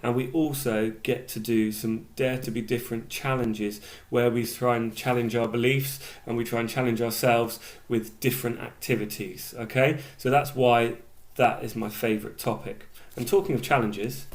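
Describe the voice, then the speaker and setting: A man's voice: medium pitch, fairly even intonation, moderate pace. A man who is a primary school teacher, speaking in an upbeat, enthusiastic way straight to his future pupils in a welcome video.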